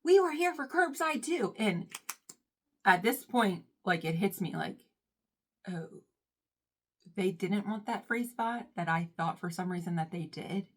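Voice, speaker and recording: A young woman telling a storytime in casual chat, dramatic and self-mocking, jumping between loud outbursts and hushed, whispery asides. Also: on the low side, measured pace, pauses often. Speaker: storytime vlogger.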